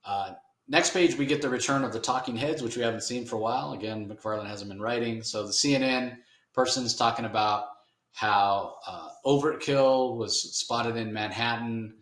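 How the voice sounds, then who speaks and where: A man hosting a podcast, giving a rambling, relaxed recap of a comic book issue. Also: mid-range voice, normal speed. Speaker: podcast host. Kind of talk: casual comic book discussion. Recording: roomy echo.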